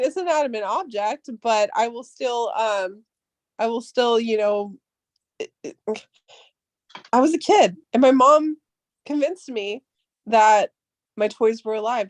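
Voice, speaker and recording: A woman in her thirties with a high, bright-sitting voice tells loose, swear-filled stories in casual podcast chat. The sound is dry and close, with no room around it. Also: no room sound. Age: 30s. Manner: profane, rambling storytelling.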